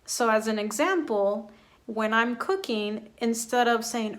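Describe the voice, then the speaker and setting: A woman teaching an English lesson online, speaking slowly and clearly in an encouraging way. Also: fairly high pitch, fairly bright tone, slight background noise.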